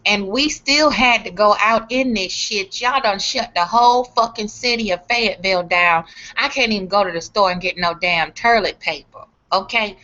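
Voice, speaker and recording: A middle-aged woman from Chicago, telling a profane, animated story in a casual vlog and acting out other people's lines. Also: medium pitch, normal speed, hardly any pauses. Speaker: vlogger. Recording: dull lo-fi sound.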